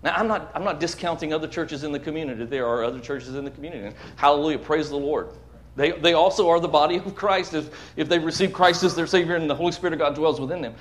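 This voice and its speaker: A man preaching a sermon to his church, emphatic, swinging between loud declarations and hushed asides, often repeating words. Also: fairly high pitch, quick pace. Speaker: pastor. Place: church sanctuary.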